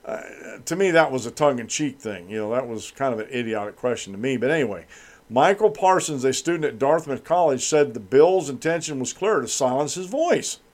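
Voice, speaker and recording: A man hosting a political commentary show, reading news items and then ranting about them with scorn. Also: a little high.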